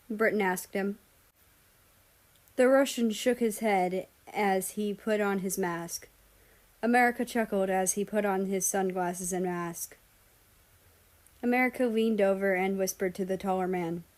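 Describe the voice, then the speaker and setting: A woman reads a fan fiction story aloud as an audiobook. Her narration is steady and even, carrying the listener through the scene. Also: mid-range voice, normal speed. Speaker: story reader.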